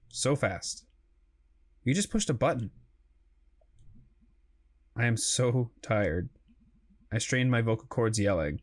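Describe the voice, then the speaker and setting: A man talking through his game play at a mid-range pitch, full of exclamations and sheepish apologies. He jokes at his own expense as he goes. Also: expressive, takes it slowly, long pauses. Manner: exclaiming, self-deprecating, apologetic. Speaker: gaming video host. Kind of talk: let's play commentary.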